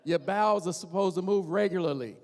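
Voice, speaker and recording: Man playing an insistent, nagging wife, slow scolding delivery, reverberant room. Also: high voice, darkish tone. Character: nagging middle-aged wife, insistent about health. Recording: reverberant church hall.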